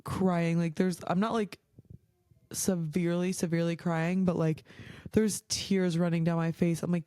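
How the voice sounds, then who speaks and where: A young woman chats through stories on her podcast, her voice mellow and smooth. She talks casually, drops swear words freely and fills her sentences with "like." The sound is close and dry. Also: on the low side, flat delivery, moderate pace, no room sound. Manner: chatty, swears freely, heavy use of "like". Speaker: podcast host. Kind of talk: casual storytelling.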